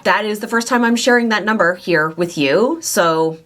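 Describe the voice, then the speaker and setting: A woman hosting a question-and-answer vlog to camera, speaking candidly and warmly about her own weight loss journey and her affection for her viewers. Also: mid-range voice, normal speed. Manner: candid, heartfelt, confiding. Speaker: weight loss surgery coach and channel host.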